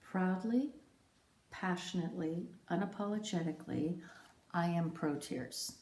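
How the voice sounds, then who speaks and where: Woman, slow scripted personal narration, mellow tone, roomy echo. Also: lowish voice. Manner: measured, poetic, emphatic delivery. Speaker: podcast host telling her own story.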